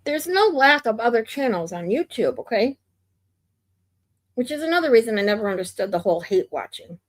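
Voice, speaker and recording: A woman's voice: a little high, very animated, brisk. Blunt, ranting woman streamer. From United States. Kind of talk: opinionated casual commentary.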